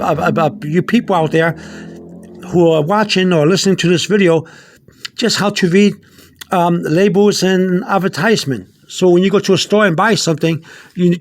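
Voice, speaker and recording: A man giving a casual video lesson, rambling with many fillers and repeated words, slowly sounding out foreign words. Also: high voice. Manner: spells out Spanish words slowly. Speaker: Spanish teacher.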